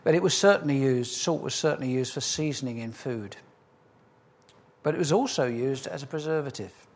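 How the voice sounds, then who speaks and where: A man preaching a sermon as pastor, emphatic, repeating key phrases and slowing for stress, then leading a prayer. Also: fairly high pitch, animated, darkish tone, husky.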